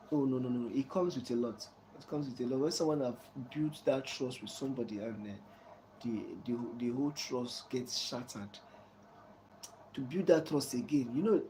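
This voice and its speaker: Casual host, warm and mellow, chuckling preachy advice, faint background hum. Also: male voice, mid-range voice, normal speed, poor audio. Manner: preachy, repeats "you understand?" often; soft chuckles between points. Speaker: channel host giving life advice. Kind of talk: casual advice talk to a viewer.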